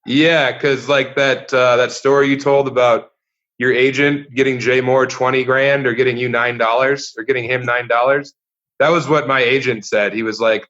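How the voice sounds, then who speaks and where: A man who is a guest comedian in a casual chat, telling stories dryly with deadpan jokes. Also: medium pitch, moderate pace, muffled recording. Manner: dry, wry storytelling with deadpan jokes.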